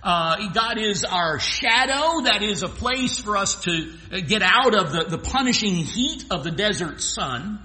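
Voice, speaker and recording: A man's voice: high voice, lively intonation, unhurried, few pauses, pushed and bright. A male pastor preaching an earnest expository sermon, sometimes restarting his phrases. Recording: echoey hall with long reverb.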